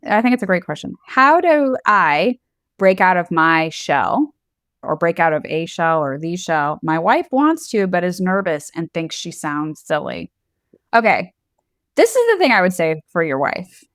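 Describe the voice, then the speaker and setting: A woman's voice: on the low side, sing-song, moderate pace, a bit bright, no room sound, clean studio sound. A woman co-hosting a podcast in casual chat, candid and playful, often laughing. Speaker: podcast co-host.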